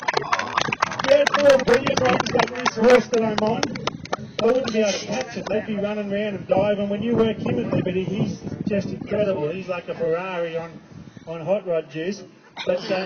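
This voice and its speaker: A man with an Australian accent and a high voice gives a joking, chatty horse training demonstration with live commentary in an outdoor arena at a race track. The lo-fi recording is very noisy, with loud outdoor ambience.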